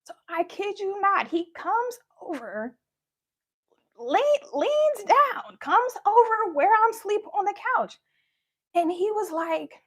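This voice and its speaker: A woman's voice: very high-pitched, sing-song, takes it slowly, fairly bright tone. A young woman candidly telling a personal story in a live talk, acting out what people said. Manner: candid, conversational, acts out quoted lines. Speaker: speaker sharing her story.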